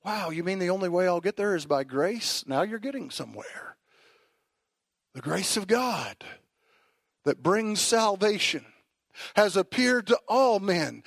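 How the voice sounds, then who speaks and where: A male preacher delivering an emphatic sermon, swinging from quiet asides to shouted declarations. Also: high voice, animated, a little slow, vocal fry, long pauses, no room sound, clean studio sound.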